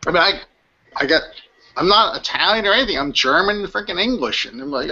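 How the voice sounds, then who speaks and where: A man from Florida ranting in a casual panel chat, animated and slangy. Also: a little high, fairly quick, slight background noise. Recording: dull lo-fi stream audio.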